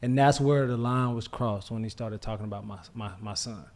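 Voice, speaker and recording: A man co-hosts a casual sports podcast. He tells stories in an animated way and jumps in with quick asides. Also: mid-range voice. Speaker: podcast co-host.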